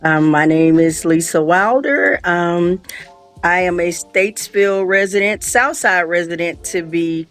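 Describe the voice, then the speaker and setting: A woman's voice: on the low side, measured pace, soft background music. A woman, a local resident speaking as a show guest in a plain, hesitant way.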